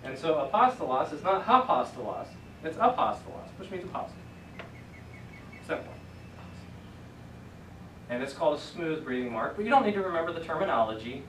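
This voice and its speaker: A man's voice: a little high, expressive, fairly quick, long pauses, slight background noise. A man teaching Greek to a class, explaining patiently step by step in a casual lecture. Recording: echoey classroom from a distant camera.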